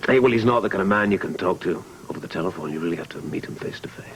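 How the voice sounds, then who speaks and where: An actor playing a secretive husband and club owner in a 1980s soap opera, defensive and placating. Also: male voice, low voice, rapid-fire, background noise, close to an everyday voice. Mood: evasive. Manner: defensive, placating, soothing apologies.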